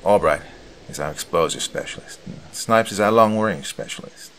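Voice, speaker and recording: A man's voice: low-pitched, moderate pace, fairly bright tone. A man voicing a weary, grieving special forces squad leader who speaks in a subdued, hesitant way.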